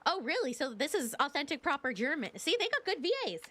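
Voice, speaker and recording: Young female streamer: high-ish voice, anxious and pleading, repeats herself, laughs often. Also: big pitch swings, fast talker, a bit bright, dry recording. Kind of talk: reacting and reading aloud during a game stream.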